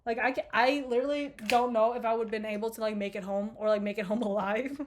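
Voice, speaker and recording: Fast-talking young woman telling a story. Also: fairly high pitch, steady tone, a little hiss or hum. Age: 20s. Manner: rambling, profane, laughing asides. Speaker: vlogger. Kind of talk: casual storytime chat.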